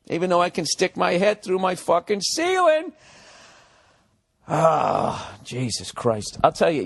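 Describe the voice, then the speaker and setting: A man's voice: mid-range voice, no room sound, clean studio sound. A man hosting his own podcast from a room at home, ranting sarcastically and swearing a lot. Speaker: podcast host. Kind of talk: solo comedic podcast rant.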